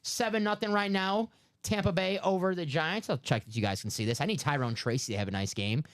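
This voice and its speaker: A man's voice: fairly high pitch, brisk, fairly bright tone, a little hiss or hum. Chatty male live-stream host. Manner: chatty, upbeat, sales patter. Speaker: host of live card breaks. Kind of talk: casual live-stream chat.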